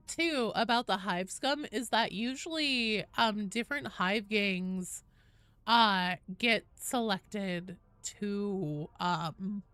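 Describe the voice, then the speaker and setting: A woman's voice: medium pitch, fairly bright tone, clear, resonant tone, dry recording. A woman game streamer chatting casually with her viewers while playing, swearing freely and greeting people in chat. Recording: game music playing behind the voice.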